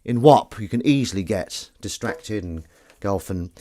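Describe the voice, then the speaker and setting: A man's voice: on the low side, expressive, moderate pace, dark tone, no room sound. A man chatting casually to live-stream viewers while washing up in his kitchen, rambling with jokey asides. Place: home kitchen at the sink.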